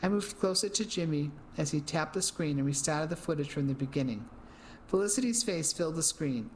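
Audiobook narrator, first-person mystery reading, steady, even, medium pitch, faint ambience. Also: a little fast, slight background noise, poor audio. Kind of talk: first-person novel reading on a radio reading service.

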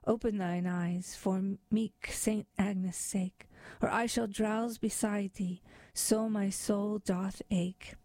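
A woman voicing an ardent young male lover in a slow, tender poetry reading. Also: medium pitch, fairly even intonation, warm tone, no echo, close to an everyday voice. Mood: pleading.

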